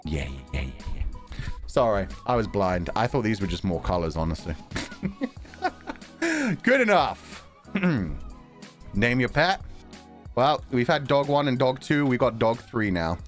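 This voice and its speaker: A man's voice: mid-range voice, sing-song, faint music behind. A young adult man streaming a game, chatting casually, joking around and laughing often. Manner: joking, rambling, quick to laugh.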